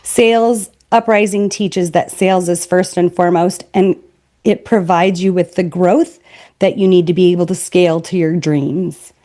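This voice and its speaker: A woman's voice: lowish voice, steady tone, normal speed, warm tone. A woman sales trainer speaking as a podcast guest, blunt and emphatic. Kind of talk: podcast interview.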